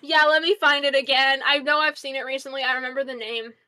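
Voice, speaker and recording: Bright high-voiced swearing woman podcaster. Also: level tone, fast. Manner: loud, swears freely, jokey. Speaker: podcast co-host. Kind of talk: casual chat.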